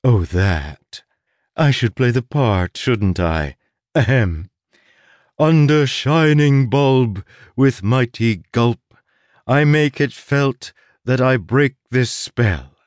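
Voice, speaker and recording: A man's voice: mid-range voice, lively intonation, no echo, pitched above the performer's own voice. A man voicing a powerful, condescending sorceress in an audiobook, drawing out her lines in amusement. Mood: amused. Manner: condescending, drawn-out. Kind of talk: audiobook character voice.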